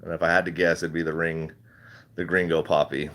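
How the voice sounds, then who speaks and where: A man's voice: extremely low pitch, level tone, brisk, fairly bright tone. A middle-aged man chatting casually on a livestream, reading chat, rambling and laughing often.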